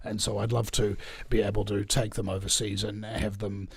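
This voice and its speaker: A man's voice: fairly low pitch, flat delivery, moderate pace, vocal fry, husky, no room sound. A New Zealand man hosting a talk show, chatting loosely with many fillers and restarts. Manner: rambling, lots of uh fillers and restarts. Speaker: show host. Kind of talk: casual chat.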